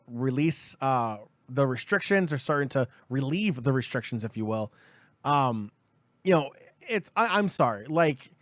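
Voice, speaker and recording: A man's voice: mid-range voice, a bit bright, no room sound. A man co-hosting a gaming podcast, ranting heatedly and emphatically and hammering points home through repetition. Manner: heated, emphatic, repeats himself. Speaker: podcast co-host. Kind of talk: opinionated podcast rant.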